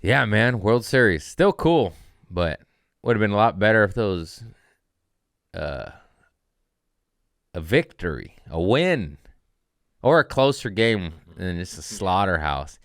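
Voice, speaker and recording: A man's voice: on the low side, big pitch swings, slow pace, pauses often, fairly bright tone, no echo, studio quality. A man, a comedian hosting his podcast, telling a rambling, profane story in a wry, casual way.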